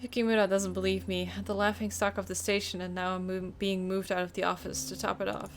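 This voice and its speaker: A woman's voice: medium pitch, flat delivery, a little fast, soft background music, close to an everyday voice. A woman voicing a determined young female detective, reading her wry, resentful inner monologue aloud from a game. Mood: bitter.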